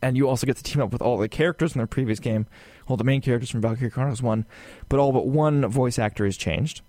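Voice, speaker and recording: A man co-hosting a casual podcast, rambling along with plenty of fillers and side remarks. His voice sits at a middling pitch. The recording is dry and close, with no room sound. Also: fast talker, no room sound. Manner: rambling and animated, many fillers and asides. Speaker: podcast co-host. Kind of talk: casual gaming podcast chat.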